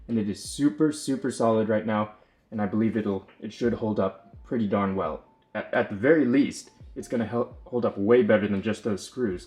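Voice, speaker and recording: A man's voice: fairly low pitch, a little mellow. A man casually explaining his hobby build work, rambling and correcting himself often with plenty of fillers. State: slightly out of breath. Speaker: lightsaber builder.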